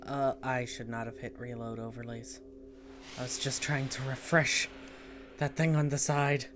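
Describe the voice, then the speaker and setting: Very low-voiced woman streaming a game. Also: level tone, a little slow, music in the background. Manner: chatty, thinks aloud, greets viewers. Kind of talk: casual live-stream chat. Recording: noisy home stream audio.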